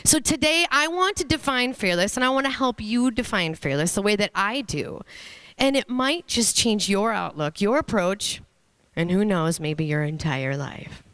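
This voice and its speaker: A woman in her thirties speaks on stage with earnest conviction, telling her story and pausing to let points land. Her voice sits in a middle pitch. The sound is dry and close, with little room echo. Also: lively intonation, fairly bright tone, clear, resonant tone. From Minnesota, USA. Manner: earnest, storytelling, pauses for emphasis. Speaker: motivational speaker. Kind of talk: inspirational stage talk. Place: stage before an audience.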